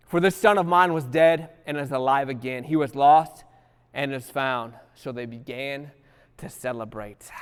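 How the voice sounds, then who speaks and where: Fervent preacher man, long reverb. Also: mid-range voice. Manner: fervent, swings from hushed to loud exhortation; casual dialect phrasing, acts out quotes. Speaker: Bible teacher. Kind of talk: preaching Bible study.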